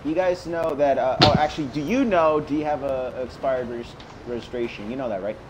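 A man's voice: medium pitch, a little fast, heavy background noise. A man hosting a game role-play, talking casually in the part of a police officer, hesitant with fillers, on a headset. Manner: chatty, hesitant, many uh fillers and restarts. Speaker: host playing a police officer.

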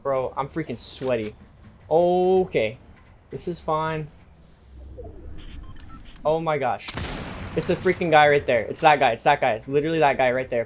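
A young man giving excitable live commentary over his own video game match, repeating himself under pressure. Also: fairly high pitch, a little slow, long pauses, a little hiss or hum. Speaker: gaming youtuber.

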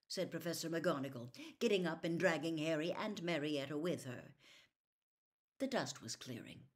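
Woman storybook reader, lowish voice, lively expressive delivery, soft on quiet passages. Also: moderate pace. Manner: expressive, soft-spoken character reading. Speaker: audiobook reader. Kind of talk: storybook reading aloud.

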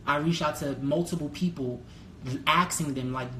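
A man talking casually on a live stream, candid and full of swearing, reading out viewer comments and jumping to a high pitch when excited. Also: normal speed. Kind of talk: casual livestream chat. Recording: roomy echo with faint background noise.

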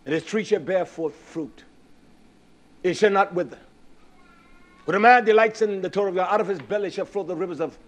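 Fervent preacher man, higher-pitched voice. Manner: swings from low murmuring to raised, fervent preaching; rhetorical questions, drawn-out emphatic words. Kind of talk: sermon.

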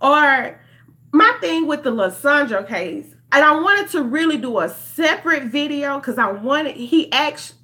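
A woman's voice: sits high, expressive, measured pace, sharp tone. A young woman, talking straight to her viewers in an impassioned vlog. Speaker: vlogger. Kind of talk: emotional direct-to-camera commentary.

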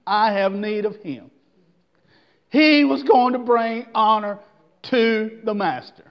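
Male pastor, very high voice, slow delivery, folksy sermon, dull lo-fi church tape. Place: church service.

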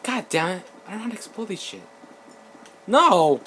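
Excitable, swearing man playing a game. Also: high voice, moderate pace, a little hiss or hum. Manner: excitable, profane, yelling at the game. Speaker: gameplay commentator. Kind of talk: casual let's play commentary. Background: game music.

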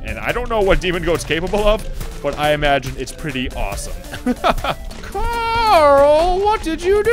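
A young adult host giving let's play commentary, excitable and quick to burst into shrieks and laughter. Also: medium pitch. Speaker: gaming video host. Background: game music.

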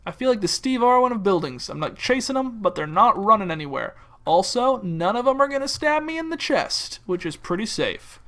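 A man's voice: sits high, sing-song, brisk, hardly any pauses, fairly bright tone. A young man from California giving casual, rambling, joking commentary while playing a game. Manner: rambling, joking, silly bits and mock-wildlife-presenter asides. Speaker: gaming video host.

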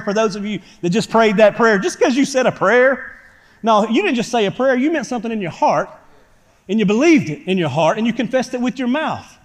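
A pastor preaching a sermon to his church, swinging from quiet talk to loud shouting. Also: sits high. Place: church sanctuary. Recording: church hall reverb.

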